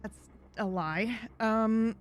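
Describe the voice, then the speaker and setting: A woman's voice: a little high, very slow, slight background noise. A woman playing a tabletop game in casual chat, swearing freely and laughing often. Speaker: player.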